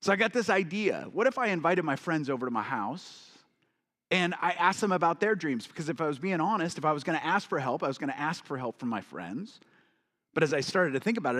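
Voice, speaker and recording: A man's voice: on the high side, fairly bright tone. A man giving a motivational keynote talk, telling a personal story to the audience and acting out the voices of the people in it. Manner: storytelling, acts out quoted voices, addresses audience. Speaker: keynote speaker and coach. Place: large event hall with audience. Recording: long reverb of a large hall.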